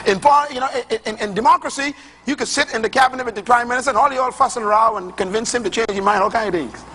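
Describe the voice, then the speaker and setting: A man's voice: very high voice, moderate pace, pauses often, sharp tone, slightly rough. A man preaching a sermon to a congregation, emphatic and rhythmic in his delivery and loose and colloquial in his phrasing.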